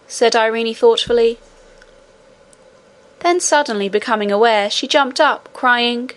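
A woman's voice: fairly high pitch, a little slow. Woman narrating a children's storybook. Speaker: audiobook narrator.

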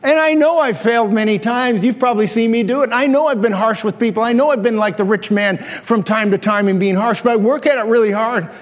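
The pastor's voice is very high-pitched, and he talks fairly quickly with few pauses. In his 60s, he preaches a folksy, self-deprecating sermon, laughing at his own stories, while a large church hall lends a long reverb.

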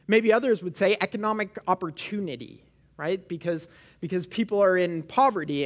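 A woman from Canada, preaching a sermon in church on a microphone, talking conversationally and often checking in with "right?". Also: on the low side. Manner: conversational, frequent "right?" asides to the congregation. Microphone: amplified microphone.

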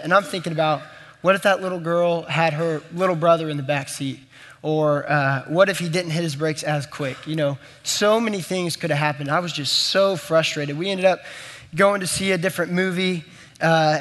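A young pastor with a high-sitting, slightly bright voice tells a personal story during his sermon, speaking straight to the room in a conversational, earnest way. The recording carries long hall reverb.

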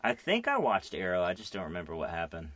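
A man's voice: deep voice, quick pace. A young man in casual, profane chat, animatedly retelling a TV episode. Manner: profane, animated retelling with silly mock voices. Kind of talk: casual chat about TV and comics.

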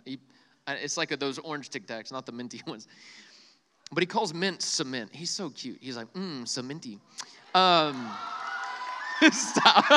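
A young man giving a retreat sermon, joking with the crowd and leading soft breathing prompts. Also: on the high side. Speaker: youth speaker. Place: large hall with live audience. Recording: long hall reverb.

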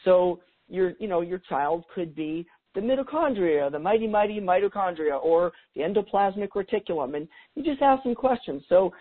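A man's voice: high-pitched, animated, moderate pace, few pauses, narrow, tinny audio. A middle-aged man talking as a guest expert in a podcast interview, chatty, with frequent restarts and easy laughs.

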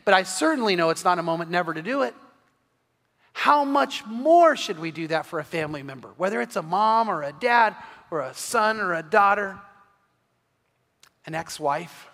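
A man's voice: sits high, big pitch swings, normal speed, fairly bright tone. A man preaching an evening sermon, telling stories earnestly and often restarting his sentences. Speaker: pastor. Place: church sanctuary. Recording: long reverb of a church hall.

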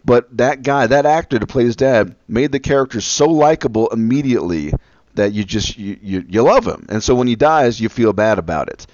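A man in casual conversation, expressive with dry humor. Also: mid-range voice, moderate pace, a little hiss or hum. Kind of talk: casual chat. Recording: dull lo-fi sound.

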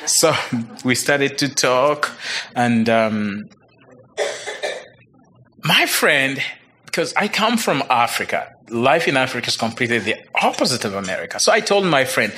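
A man from Uganda with a Ugandan accent gives a personal testimony, retelling events quickly and acting out the dialogue with chuckles. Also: medium pitch, very animated, pushed and bright. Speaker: church member giving testimony.

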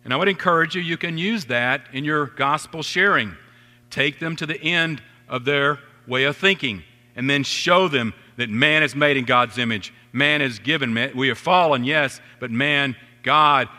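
A middle-aged pastor preaches with a bright, forceful voice that carries a long echo through a large church hall. He talks earnestly, climbing on his questions and dropping low and quiet over scripture. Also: normal speed. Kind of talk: sermon.

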